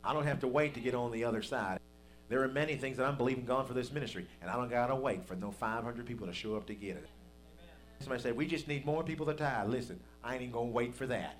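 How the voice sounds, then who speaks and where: A man's voice: mid-range voice, fast, slight background noise. A man preaching a sermon as pastor, in a folksy, conversational way that builds to emphatic peaks.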